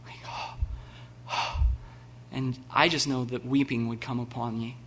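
A man preaching a sermon, animated and laughing, acting out the scenes with sudden loud bursts. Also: mid-range voice, a little fast, a little hiss or hum. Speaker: pastor.

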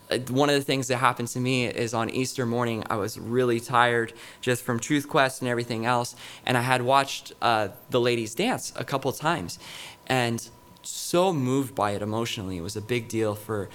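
A middle-aged man preaches in a relaxed, conversational way, telling stories and trailing into fillers and restarts. His voice sits at an ordinary middle pitch. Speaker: pastor. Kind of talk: sermon.

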